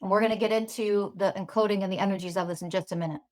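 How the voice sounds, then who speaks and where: A woman's voice: mid-range voice, steady tone, very fast, a little mellow. A woman hosting a podcast as a spiritual teacher, delivering a heated, profane monologue full of sarcastic rhetorical questions.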